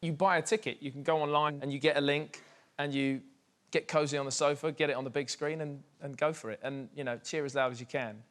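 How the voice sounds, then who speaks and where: A man's voice: fairly high pitch, steady tone, quick pace, a bit bright. A young man from England, a musician guest, talking in a loose, chatty way full of fillers. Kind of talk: casual chat.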